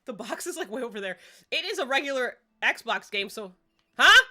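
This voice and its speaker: A woman's voice: high-pitched, big pitch swings, normal speed, bright, forceful tone. A woman livestreaming a game at home, chatty and self-deprecating in casual gameplay commentary.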